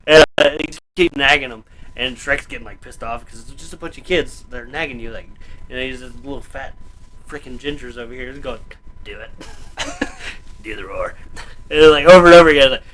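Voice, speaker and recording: A man's voice: medium pitch, fast, a bit bright, a little hiss or hum, rough recording. A man co-hosting a casual podcast chat, telling stories with lots of laughter and acted-out quotes. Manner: laughing storyteller, swearing, acts out scenes. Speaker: podcast co-host.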